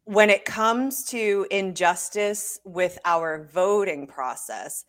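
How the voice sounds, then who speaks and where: A woman's voice: medium pitch, takes it slowly. A woman co-hosting a political talk show, speaking firmly and with indignation. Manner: firm, indignant. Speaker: co-host.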